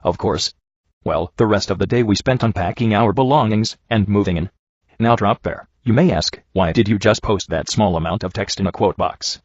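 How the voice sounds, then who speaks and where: A man reading a badly written story aloud in a dry, sarcastic, deadpan way, mocking it as he goes. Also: fairly low pitch, moderate pace, no echo. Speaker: reviewer reading bad fanfiction. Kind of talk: dry comedic reading and commentary. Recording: dull lo-fi home recording.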